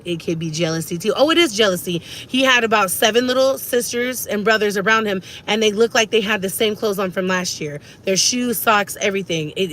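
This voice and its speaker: A woman's voice: mid-range voice, a bit bright, slight background noise. A woman, ranting emphatically to camera as a vlogger and repeating herself for stress.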